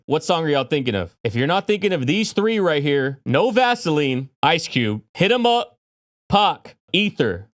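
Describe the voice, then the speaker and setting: A man hosting a music reaction video, talking casually in an excitable, rambling way with lots of swearing. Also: a little high, normal speed, no room sound, studio quality.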